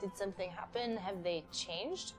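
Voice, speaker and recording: A woman's voice: mid-range voice, moderate pace, music in the background. Curious woman player asking questions. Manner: curious, asks questions in character. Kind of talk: casual tabletop game chat.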